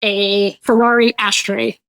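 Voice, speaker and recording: A woman's voice: medium pitch, flat delivery, measured pace, vocal fry, fairly bright tone, no room sound. A woman guest on a business interview, talking bluntly and animatedly, acting out the voices of the people she quotes. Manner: blunt, joking. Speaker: guest brand consultant. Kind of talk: casual interview talk.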